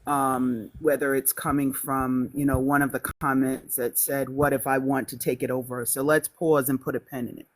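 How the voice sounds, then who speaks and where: A man joining a live stream as a guest, speaking in a measured, formal way with many fillers. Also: medium pitch, flat delivery.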